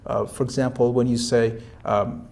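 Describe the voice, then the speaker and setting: A man giving spoken feedback to a student as a speaking examiner, calm and instructive, with many fillers and restarts. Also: medium pitch, normal speed, creaky.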